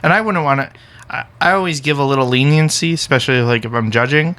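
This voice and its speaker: A man's voice: mid-range voice, quick pace, fairly bright tone. Chatty male podcast co-host. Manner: talkative, reassuring, coaching tone. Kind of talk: casual podcast chat.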